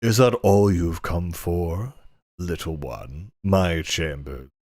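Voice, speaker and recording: A smug, lecherous old nobleman, as a man puts him on. He drawls slowly and suggestively in a low, deep voice, and the recording is dry and close. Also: darkish tone, no room sound. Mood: leering. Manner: slow, leering, suggestive drawl. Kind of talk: comic dramatic reading.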